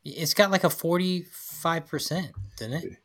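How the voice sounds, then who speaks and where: A man's voice: fairly high pitch, a little slow, fairly bright tone. A man co-hosting a podcast in casual chat, agreeable, often repeating himself and restarting. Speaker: podcast co-host.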